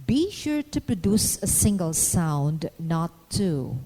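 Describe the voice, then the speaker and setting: A woman narrating a scripted phonetics lesson in a measured, instructional way, pausing to demonstrate each sound. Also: fairly low pitch, big pitch swings, mellow, long reverb tail, poor audio. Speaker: phonetics teacher.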